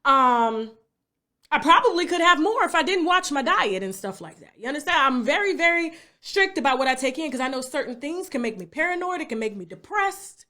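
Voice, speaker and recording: High bright woman ranting to viewers. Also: a little fast. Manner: animated, repeats tag questions like "okay?" and "you understand?". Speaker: YouTube commentary host. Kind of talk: livestream rant to viewers.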